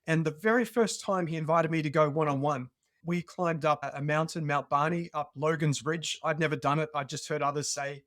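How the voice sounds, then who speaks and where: A man with an Australian accent, a podcast guest telling a personal story in an earnest, animated way. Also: fairly high pitch, a little fast, no echo, studio quality. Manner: earnest and animated, acts out remembered dialogue. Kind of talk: conversational storytelling.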